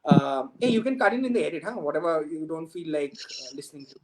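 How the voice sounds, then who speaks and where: Laughing a lot as he tells stories, this talkative Indian English-accented guest, a film director in his thirties, speaks quickly with a fairly high pitch in casual storytelling. Noise and clicks mar the recording.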